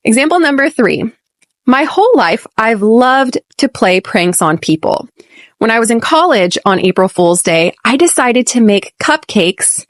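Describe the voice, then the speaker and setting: An American woman hosting an English lesson podcast, speaking clearly and deliberately and modeling phrases slowly for repetition. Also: fairly high pitch, no room sound, studio quality. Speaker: podcast host and English teacher.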